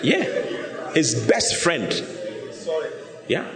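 A man's voice: a little high, very slow, reverberant, a crowd in the background. A man preaching a sermon, telling the story vividly and asking the listeners questions. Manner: animated storytelling, often asks the listeners questions.

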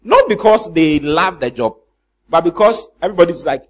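A man's voice: fairly high pitch, animated, a little fast, breathy edge. A man preaching a sermon, asking the congregation questions and mimicking church members for laughs. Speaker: pastor.

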